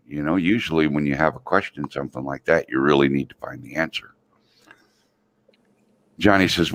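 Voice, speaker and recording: A middle-aged man, a video host, telling a long joke in a folksy, drawn-out way. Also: rumbling low, a bit bright, no room sound.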